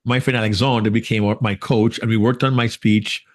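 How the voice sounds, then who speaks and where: A man with a Jamaican accent co-hosting a podcast interview, telling a lively story and laughing easily. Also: on the low side, a little fast. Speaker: podcast co-host. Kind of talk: casual interview chat.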